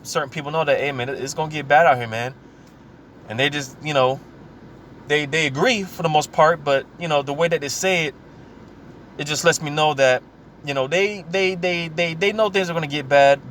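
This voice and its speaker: A man preaching informally, reading scripture aloud slowly and talking casually, often saying "man" and "you know" between thoughts. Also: on the high side, a bit bright, slight background noise. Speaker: scripture teacher.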